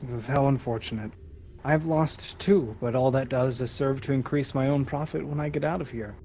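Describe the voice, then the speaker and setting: A man voicing a cold, one-eyed male mercenary with a rasping voice, speaking quietly and guardedly in a tabletop game. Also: mid-range voice, moderate pace, a little hiss or hum, lightly acted.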